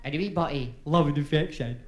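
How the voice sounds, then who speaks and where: A man's voice: on the high side, fast, reverberant, a little hiss or hum, pitched below the performer's own voice, close to an everyday voice. A man voicing the contented spirit of a dead Dundee husband, blunt and laconic, with a Dundee Scottish accent. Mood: smug.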